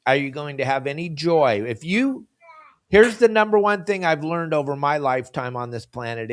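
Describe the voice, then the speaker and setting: A man hosts a fishing podcast in a fired-up, ranting way. He hammers his points with emphatic passion. His voice sits a little high for a man. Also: fairly bright tone. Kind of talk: heated podcast talk.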